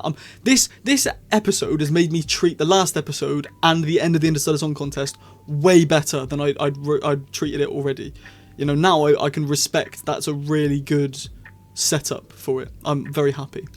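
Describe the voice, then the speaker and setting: Rambling, excitable man. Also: on the high side, a little fast. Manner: rambling, excitable, with self-corrections and laughs. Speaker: video reviewer. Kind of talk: casual spoken review.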